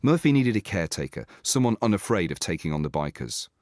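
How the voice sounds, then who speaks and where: A man's voice: low voice, very animated, fast, a little mellow, dry recording. An English man narrating his own story in a dry, self-deprecating, scripted way. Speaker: host and narrator.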